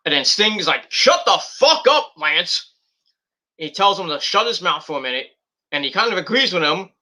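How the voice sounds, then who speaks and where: Bright-voiced man rambling through a show recap. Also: a little high, animated, brisk. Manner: rambling, many fillers, paraphrases wrestlers mockingly. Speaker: wrestling show reviewer. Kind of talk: casual recap and review.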